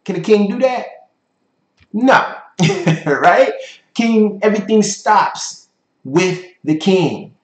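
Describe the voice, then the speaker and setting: A man's voice: sits high, lively intonation, slow, long pauses. A man giving a motivational business lecture at a whiteboard, speaking emphatically and ending points with "right?". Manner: emphatic, repeats points, frequent "right?" tag questions. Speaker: business coach. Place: room with a whiteboard. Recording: echoey room.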